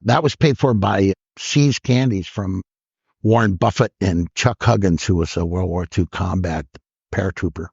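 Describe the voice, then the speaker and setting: An older man with a rough, husky voice tells stories in a relaxed chat and laughs a lot. He jumps into loud high-pitched voices whenever he quotes someone. The sound is dry and slightly muffled. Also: normal speed, dry recording. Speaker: guest comedian. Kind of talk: storytelling in casual chat.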